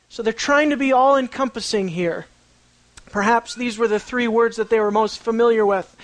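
Lively preacher with dry, close sound. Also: medium pitch, normal speed, dry recording. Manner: lively and conversational, often asking the listeners questions; tells the story with dramatic swings between quiet and excited. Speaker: preacher teaching a Bible passage. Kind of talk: conversational sermon.

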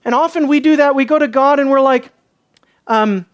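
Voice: sits high, normal speed. A preacher delivering a sermon, repeating key lines and pressing the listeners with rhetorical questions. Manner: rhetorical questions and emphatic repetition.

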